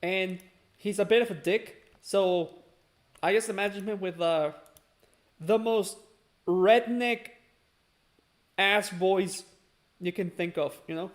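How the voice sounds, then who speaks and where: Blunt young guy, pretty high-pitched, offhand chat. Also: slow, long pauses. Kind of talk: casual chat.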